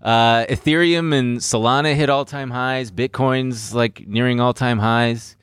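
In a clean, dry studio recording, a young man hosts a casual crypto podcast, joking around and rambling as he explains his trades. His medium-pitched voice is clear, resonant, and fairly bright, with fairly even intonation and an unhurried pace.

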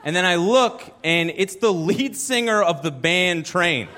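A man's voice: high voice, expressive, a little slow, noisy background. A young adult man doing a stand-up comedy set at a live venue, telling a chatty, self-deprecating story.

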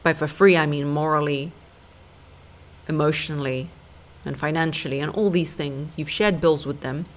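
A woman's voice: low-pitched, steady tone, moderate pace. Blunt woman giving dating advice. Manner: blunt, emphatic, lecturing directly to listeners. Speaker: podcast host and dating coach. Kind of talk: relationship advice monologue.

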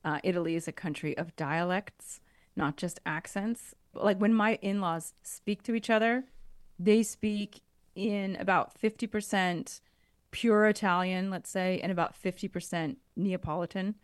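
A woman co-hosting a casual podcast chat, talking in a lively way with restarts and asides. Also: mid-range voice, unhurried, dry recording, studio quality. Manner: chatty, animated, trailing restarts. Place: abroad in Italy, married into an Italian family.

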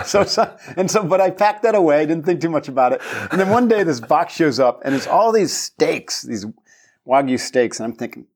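A man's voice: fairly high pitch, animated, normal speed, darkish tone. A man hosting a podcast, telling a rambling story in casual chat and laughing often along the way. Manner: loose, rambling storytelling with fillers. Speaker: podcast host.

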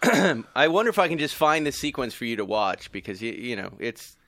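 A man hosting a podcast in casual chat, telling stories in a lively, teasing way. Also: medium pitch, brisk, no room sound. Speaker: podcast host.

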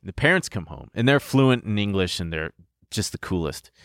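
A young man chats through a long personal tale, rambling and swearing with bursts of laughter. His voice sits on the low side. The sound is dry and close, with no room echo. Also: sing-song, a little fast, fairly bright tone, smooth. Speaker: podcast co-host. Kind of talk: casual storytelling chat.

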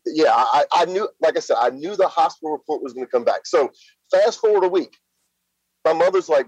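A husky-voiced middle-aged man with a drawl talks through his story in a plain, halting way, leaning on fillers. The sound is dry and a little dull, like a lo-fi podcast line. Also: mid-range voice, expressive, dry recording. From Louisiana. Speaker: interview guest. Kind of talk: casual spoken storytelling.

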